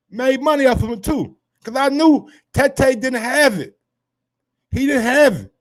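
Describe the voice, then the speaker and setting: A man hosting a casual sports commentary show, brash and profane, swinging from low asides to loud heated rants. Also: lively intonation, unhurried.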